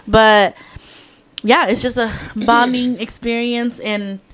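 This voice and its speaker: A young adult woman co-hosting a casual chat, telling stories with animated energy and acting out the people in them. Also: fairly high pitch, slow pace. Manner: animated storyteller who acts out screams and quotes. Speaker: podcast co-host.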